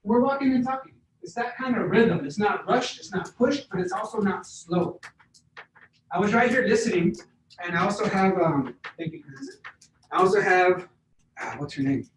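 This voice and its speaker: High-voiced male trainer in an echoey room. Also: normal speed, a little hiss or hum. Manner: energetic, demonstrative, keeps checking in with "right?". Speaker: sales trainer. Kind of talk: interactive training session. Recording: roomy, echoey sound from far off the mic.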